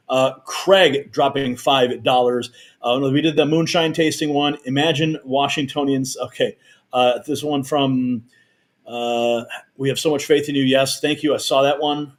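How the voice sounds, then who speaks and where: A man hosting a live political news stream, reading out viewer donations and messages in a chatty, energetic manner. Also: mid-range voice. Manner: energetic, chatty, reads viewer messages aloud with quick asides.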